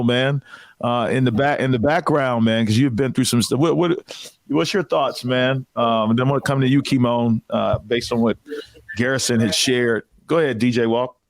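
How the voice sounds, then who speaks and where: A man's voice: medium pitch, moderate pace, dry recording. A man hosting a podcast, affirming his guest and passing the talk to others, often saying "man.". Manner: affirming, calls people "man". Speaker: podcast host. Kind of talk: hosting a discussion.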